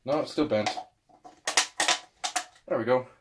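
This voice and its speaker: A man vlogging casually, excitable and swearing, talking to himself and his dog. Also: mid-range voice, unhurried, very noisy. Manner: excitable, swears, yelps and shouts at misses. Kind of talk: casual self-talk while filming.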